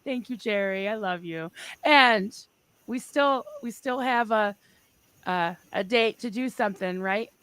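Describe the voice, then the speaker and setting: A woman's voice: mid-range voice, a little slow, fairly bright tone, clean tone, dry recording. A woman co-hosting a casual livestream, bubbly and laughing often as she reads chat messages aloud. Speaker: co-host.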